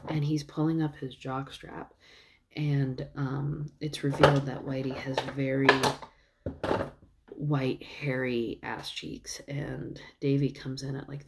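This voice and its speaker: A woman's voice: extremely low pitch, creaky, heavy background noise. A woman casually retelling a movie plot in a rambling way, with many fillers. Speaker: vlogger.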